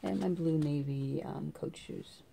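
A woman's voice: sits low, measured pace, gravelly, background noise. A young woman vlogging her outfits in casual chat, annoyed and ranting, with many fillers and restarts.

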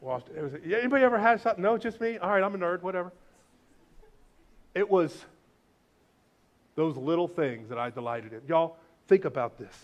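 A male pastor giving a lively, joking sermon, swinging between loud declarations and hushed asides. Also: high-pitched, brisk, long pauses, muffled recording. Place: church sanctuary.

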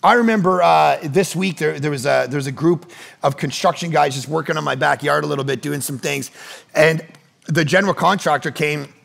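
Gravelly high-voiced male pastor preaching. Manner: conversational storytelling with rapid asides; animated, acts out quoted people. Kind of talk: sermon.

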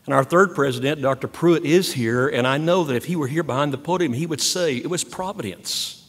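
A man's voice: on the high side, fairly quick, breathy edge. Earnest older man speaking in a hall. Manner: earnest, emphatic, repeats key words. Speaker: outgoing university president. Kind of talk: ceremonial public speech. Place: large hall. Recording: long hall reverb.

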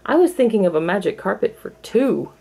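Lady doing a bragging alley tomcat, cocky and playful, gravelly edge, storybook read-aloud. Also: medium pitch, expressive, fairly quick, a little mellow, voice pushed up. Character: swaggering, boastful male alley cat.

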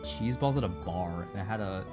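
This is casual live-stream chat from a man with a low-pitched voice at a moderate pace, who rambles, stumbles over words and curses while playing. Game music runs in the background.

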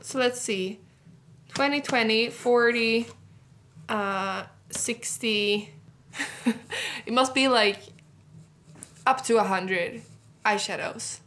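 A woman's voice: fairly high pitch, slow pace, long pauses, a bit bright, a little hiss or hum. A young woman unboxing beauty products in a vlog, gushing and giggling, with plenty of fillers. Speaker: beauty vlogger.

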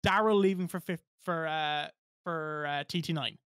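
Male guest, high voice, dry close sound, blunt, emphatic, swears freely. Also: moderate pace, a bit bright, smooth, no echo. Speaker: podcast guest. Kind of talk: casual podcast chat.

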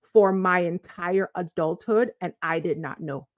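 A woman's voice: on the low side, measured pace, no echo. A woman from the Virgin Islands, a life coach, giving emphatic advice straight to camera in a chatty vlog, repeating her key points.

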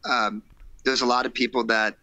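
A man, a rock singer guesting on an interview show, telling stories in a casual, animated way and acting out old conversations. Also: mid-range voice, moderate pace, dry recording. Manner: animated storyteller acting out quotes, laughing, swearing.

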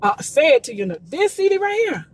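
A woman's voice: very high voice, sing-song, fast. A woman promoting gospel music in a casual livestream, urging listeners with emphatic, repetitive preachy calls.

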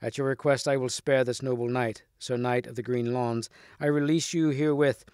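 A man reading as a gentle, steadfast young knight. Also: medium pitch, steady tone, moderate pace, clear, resonant tone, no room sound, studio quality, natural voice. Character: brave, courteous young knight.

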